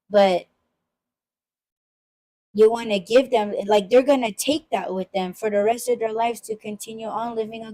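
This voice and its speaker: A woman's voice: medium pitch, darkish tone, low-quality recording. A woman in casual podcast talk, blunt and profane, ranting and mimicking the people she criticizes.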